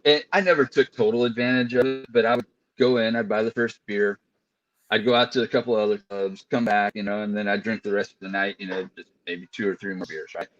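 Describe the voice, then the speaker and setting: A man's voice: lowish voice, level tone, fairly quick, no echo. A man as a podcast guest, chatting casually and telling laid-back stories over an internet call. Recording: dull lo-fi call audio.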